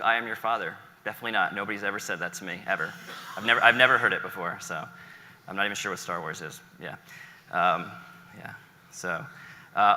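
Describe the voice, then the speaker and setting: A man's voice: on the low side, bright, forceful tone. Rambling American man giving a talk. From United States. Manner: rambling, joking asides, many ums. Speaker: conference speaker. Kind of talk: casual conference talk. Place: conference hall. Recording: echoey conference hall.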